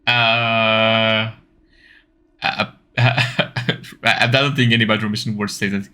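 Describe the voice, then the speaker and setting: A man's voice: fairly low pitch, flat delivery, extremely slow, bright, forceful tone. A man commenting while playing a story game, rambling and stammering, repeating words and laughing between thoughts. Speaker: game streamer. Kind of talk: let's-play commentary.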